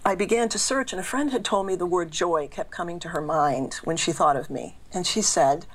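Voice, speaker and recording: A woman's voice: lowish voice, normal speed. A woman in her sixties from the Boston area, a guest telling her faith story in an earnest, reflective way. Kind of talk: faith testimony in casual interview.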